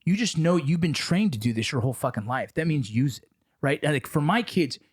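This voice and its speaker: Fast-talking, profane male podcast host. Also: on the high side, breathy edge. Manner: profane, animated storyteller. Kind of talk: casual conversation.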